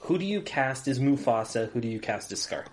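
A man's voice: medium pitch, big pitch swings, fairly quick. A man co-hosting a podcast in casual chat, stopping and repeating words as he builds his point. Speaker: podcast co-host.

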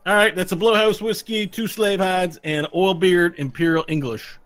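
A loud, overeager Texan tavern keeper who trips over his words while pressing drinks on his customers, as a man puts him on. The voice sits fairly high. Faint music plays in the background. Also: steady tone, moderate pace. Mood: pushy. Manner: loud, stammering, pushy hospitality. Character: pushy male tavern proprietor, overeager host.

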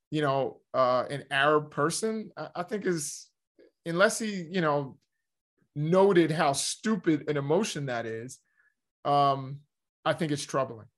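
A man in relaxed conversation with a somewhat high-pitched voice. He rambles, circles back and fills his pauses with "you know" as he works through his point. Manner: rambling, self-correcting, frequent "you know". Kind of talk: casual conversation.

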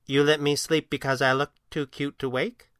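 A quick-witted young woman with a dry, deadpan tease, as a male narrator voices her. Her voice sits raised above his own, bright and crisp, with a close, dry sound. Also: on the high side, no room sound, voice pushed up, lightly acted. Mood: teasing. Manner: deadpan, wry.

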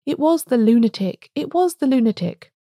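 Woman doing a jittery young curate, stammers, voice climbs high, mellow tone. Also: moderate pace, no room sound, clean studio sound. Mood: wearily insistent. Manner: stammering, excited, voice rising. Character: agitated, feverish young male curate.

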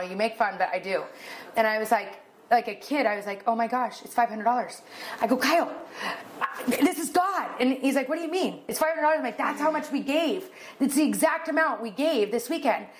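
A woman in her thirties, a podcast co-host telling a story in casual chat, animated, acting out dialogue in a raised voice, emotional and near tears. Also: medium pitch, slight background noise.

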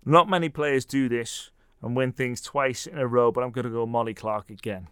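Jokey podcast host, mid-pitched man. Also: fairly even intonation, normal speed, fairly bright tone, smooth, no echo, studio quality. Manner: jokey, teasing banter. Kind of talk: casual podcast chat.

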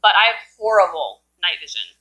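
Woman in her thirties, very bright tone, casual rambling chat, filler-heavy, self-deprecating. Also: on the low side, very animated, fairly quick, slightly rough, poor audio. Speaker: podcast co-host.

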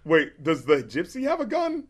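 This rap critic and podcast host, a man whose voice is slightly high, runs a casual show about rap records. His delivery is lively and full of cursing, and he slips into quick impressions to perform the lyrics.

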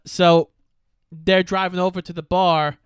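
A man in lively, casual chat walks through a film scene by scene, slipping into each character's voice as he goes. His voice is smooth and a bit higher than most men's, recorded close and dry. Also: a little slow, no room sound. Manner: animated storyteller, acts out characters' lines. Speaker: podcast co-host. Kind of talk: casual movie recap chat.

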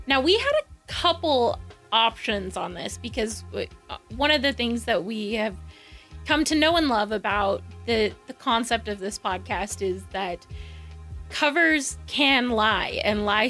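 A woman's voice: a little high, sharp tone. A woman co-hosting a movie podcast, laughing often and steering the chat between topics. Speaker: podcast co-host. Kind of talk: casual comedic chat.

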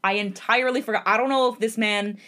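A woman's voice: on the high side, steady tone, quick pace, crowd noise. A young woman co-hosting a podcast, chatting casually, gushing and laughing often, easily moved. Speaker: podcast co-host. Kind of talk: casual chat.

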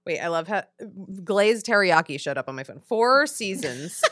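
A woman's voice: on the low side, lively intonation, moderate pace, a bit bright, no echo, clean studio sound. Chatty podcast co-host woman. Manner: chatty, laughs often. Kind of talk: casual chat.

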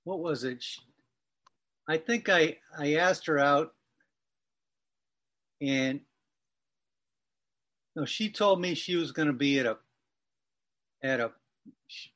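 A man's voice: fairly high pitch, slow, long pauses, a bit bright. A man in his fifties from Massachusetts, a writer telling a rambling, wry personal story as an interview guest. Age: 50s. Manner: wry, digressive, self-correcting storyteller.

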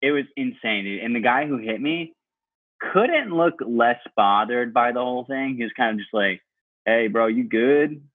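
A man as a podcast guest, telling stories in animated casual chat and swearing freely. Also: medium pitch, moderate pace, dry recording. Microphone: AirPods on a video call. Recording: tinny dry earbud-mic line.

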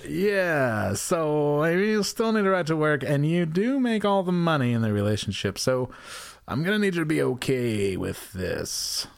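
A man's voice: on the high side, sing-song, moderate pace, gravelly, no room sound. A man co-hosting a casual comedy podcast, ranting with profanity and sarcasm. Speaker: podcast co-host.

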